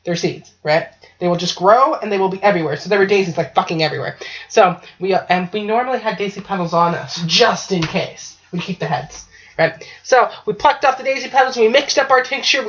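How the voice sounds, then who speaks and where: Casting: woman host, chatty swearing storyteller, average pitch, muffled call-quality audio. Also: a little fast, fairly bright tone, a little hiss or hum. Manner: swearing, chatty, often asking 'right?'. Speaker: podcast host. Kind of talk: casual storytelling. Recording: dull lo-fi online call audio.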